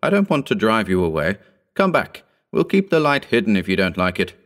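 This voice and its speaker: A man's voice: lowish voice, big pitch swings, brisk, fairly bright tone. Man doing a blunt, wary fisherman. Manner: blunt, gruff.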